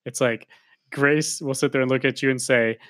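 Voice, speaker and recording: A man's voice: mid-range voice, steady tone, normal speed, fairly bright tone. A man co-hosting a podcast, teasing and joking in casual chat. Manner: teasing, plays host to his co-host's bits. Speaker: podcast co-host.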